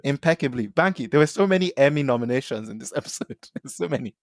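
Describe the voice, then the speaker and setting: Animated man laughing through a recap. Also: mid-range voice, fast talker, dry recording. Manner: animated, laughs often, acts out quotes. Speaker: podcast co-host. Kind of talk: casual TV recap chat.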